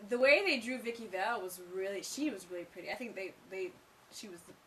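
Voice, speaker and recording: A woman's voice: medium pitch, quick pace, sharp tone, far from the mic. A woman co-hosting a casual video game review, gushing and enthusiastic and often repeating herself. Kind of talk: casual chat.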